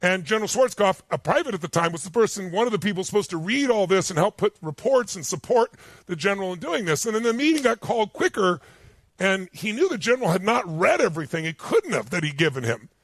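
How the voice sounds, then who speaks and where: A man delivers a motivational seminar speech, telling stories with emphatic, animated energy. His voice sits high for a man. The sound is dry and close. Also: fast, dry recording. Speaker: motivational speaker. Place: stage before a live audience.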